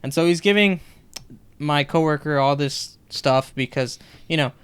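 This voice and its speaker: Unhurried and fairly high-pitched, a young man with a smooth voice co-hosts a podcast, retelling work anecdotes in a casual, animated way and imitating customers.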